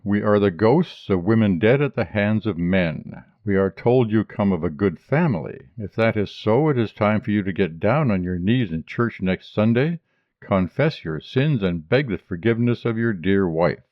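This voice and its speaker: A man's voice: lowish voice, animated, moderate pace, no echo, highs cut off, natural voice. A man reading the part of a commanding woman who speaks for avenging ghosts in a guttural, growling voice. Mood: grim, commanding.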